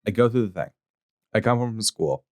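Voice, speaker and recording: A man's voice: on the low side, animated, brisk, dry recording, clean studio sound. A man co-hosting a podcast, telling a crude story with lots of fillers and acting out quotes in a raised voice. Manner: rambling, crude, full of fillers. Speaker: podcast co-host. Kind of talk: casual podcast chat, storytelling.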